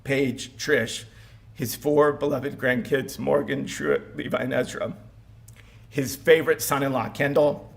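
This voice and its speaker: A man's voice: medium pitch, steady tone, a little slow, gravelly, slight background noise. A man giving a eulogy at a funeral home as the son-in-law, speaking with wry humor and some stumbles.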